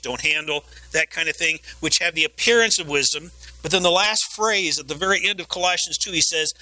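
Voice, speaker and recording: A man delivering a sermon through a headset microphone, his voice very bright and a touch higher than most. He preaches earnestly and emphatically, leaning on repeated phrases. A stuffy, sniffly edge hangs on his speech. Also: poor audio. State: sniffly, coughing between phrases.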